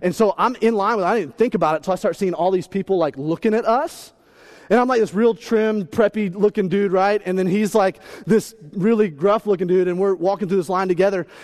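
Animated high-voiced male preacher. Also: brisk. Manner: animated, playful, acts out voices and shouts. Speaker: pastor. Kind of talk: humorous sermon.

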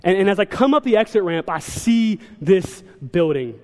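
A young man preaching a sermon in a church, telling stories with quick, animated asides. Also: high-pitched. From South Carolina. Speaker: church speaker. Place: large church hall. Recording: long hall reverb.

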